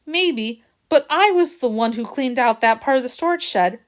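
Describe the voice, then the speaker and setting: A woman's voice: sits high, lively intonation, moderate pace, voice pushed up. A woman reading aloud and voicing Jill, a distressed young woman who works at a kennel. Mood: upset. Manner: tearful, distressed. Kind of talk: audiobook reading.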